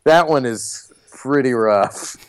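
A man's voice: mid-range voice, takes it slowly, clear, resonant tone, no echo. A man co-hosting a podcast in casual chat, playful and joking, laughing a lot. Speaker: podcast co-host.

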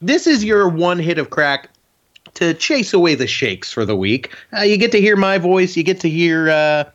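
Male podcast co-host, animated raunchy storyteller, slightly high voice, dull lo-fi recording. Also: normal speed. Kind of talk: crude comedic banter. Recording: muffled lo-fi podcast audio.

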